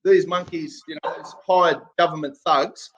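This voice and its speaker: A man's voice: fairly high pitch, fairly even intonation, moderate pace. An irate Australian man ranting and swearing in casual talk. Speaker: guest commentator. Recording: muffled lo-fi audio.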